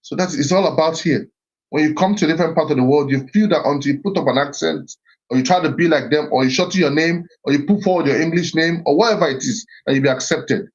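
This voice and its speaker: A man's voice: a little high, fast talker. A middle-aged man giving an earnest, reflective talk on heritage and identity, often repeating himself and restarting phrases. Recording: slightly muffled recording.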